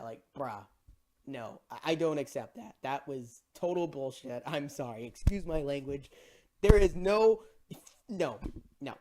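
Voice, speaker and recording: Excitable ranting reviewer with a lively voice. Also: medium pitch, measured pace. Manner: excitable, exasperated, swears, repeats "bro". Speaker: movie reviewer.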